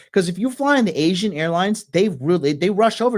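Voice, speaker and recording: A man's voice: sits high, animated, a little fast, hardly any pauses. Angry guy ranting and swearing nonstop, voice jumps all over. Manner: profane, aggressive ranting. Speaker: podcast host. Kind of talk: ranting commentary.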